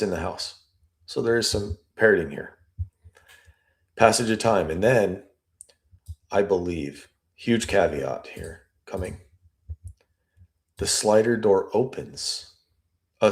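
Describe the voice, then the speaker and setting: Deep voiced guy reading out a transcript and picking it apart, slow and thinking out loud. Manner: slow, deliberate, musing aloud. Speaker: statement analyst.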